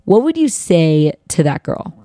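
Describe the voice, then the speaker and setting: A woman's voice: fairly low pitch, very animated, a little slow, warm tone, no echo, clean studio sound. A woman hosting a faith-based podcast, chatting casually and animatedly. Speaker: podcast host.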